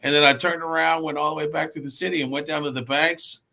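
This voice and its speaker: A man from the Cincinnati area telling a story excitedly on a live video chat, dropping "man" often. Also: on the high side, quick pace, vocal fry. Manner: animated storytelling, says man a lot.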